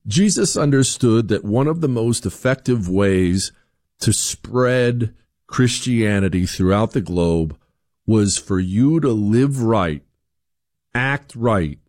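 A male political commentator host with a lowish voice speaks slowly, recorded dry with clean studio sound. His opinion monologue is emphatic and animated, full of rhetorical questions and acted-out quoted voices, often restarting and repeating words.

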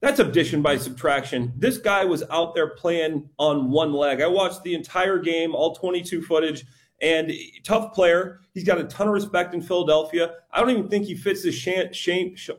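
A middle-aged former player giving casual football analysis, conversational and tripping over names now and then. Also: male voice, fairly high pitch, normal speed. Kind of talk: casual sports chat.

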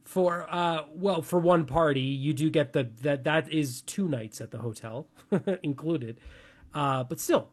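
A man's voice: a little high, measured pace, husky. Chatty young man with lots of fillers. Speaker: radio show co-host. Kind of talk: casual talk segment.

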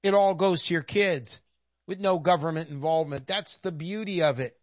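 A woman's voice: fairly low pitch, moderate pace, dry recording, studio quality. A woman giving a persuasive sales monologue in an emphatic, sarcastic, folksy way. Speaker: presenter pitching gold investment.

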